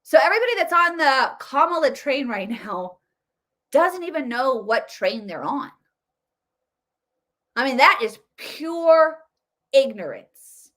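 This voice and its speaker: A woman's voice: sits high, sing-song, takes it slowly, pauses often, fairly bright tone. A woman giving casual political commentary, emphatic and repeating her points. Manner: emphatic, repetitive.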